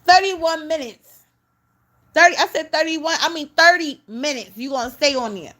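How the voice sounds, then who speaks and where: A woman's voice: high-pitched, moderate pace, fairly bright tone. A woman talks through a casual reaction commentary. She scolds in an exasperated way, addressing the person she criticizes directly.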